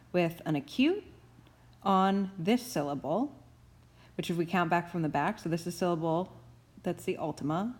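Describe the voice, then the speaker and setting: A woman's voice: low-pitched, darkish tone. A woman professor giving a recorded grammar tutorial, explaining each rule patiently and methodically and repeating key terms.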